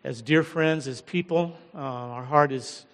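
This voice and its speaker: Gravelly American preacher in a hall. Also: male voice, medium pitch, fairly bright tone. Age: middle-aged. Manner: humble, halting, with many fillers. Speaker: guest pastor. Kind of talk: sermon. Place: large church hall. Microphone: handheld or headset mic. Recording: long church hall reverb.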